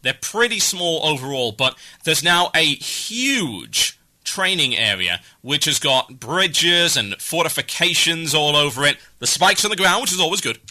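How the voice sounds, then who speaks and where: A man hosting a podcast, chatting briskly and wryly while he plays a game. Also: on the high side, lively intonation, bright, forceful tone. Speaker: podcast host. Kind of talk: casual gaming podcast chat while playing.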